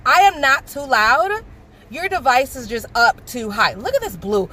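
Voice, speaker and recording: A woman from the Bronx, loudly and gushingly unboxing a nail kit in a sing-songy voice. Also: high-pitched, big pitch swings, measured pace, slight background noise. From the Bronx, New York. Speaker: nail beauty vlogger. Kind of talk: excited product unboxing.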